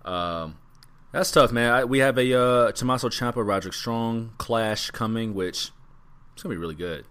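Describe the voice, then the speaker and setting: A man's voice: medium pitch, moderate pace, a bit bright, clean tone. A man co-hosting a casual podcast, musing in a laid-back way and trailing off with ums. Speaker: podcast co-host. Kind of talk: casual wrestling podcast chat.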